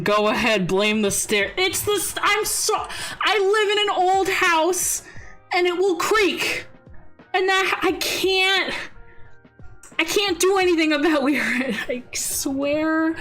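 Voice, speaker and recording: A woman's voice: fairly high pitch, fairly bright tone. A woman streaming a game, chatting casually in a playful, exasperated way and laughing often. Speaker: VTuber streamer. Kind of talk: casual gaming livestream chat.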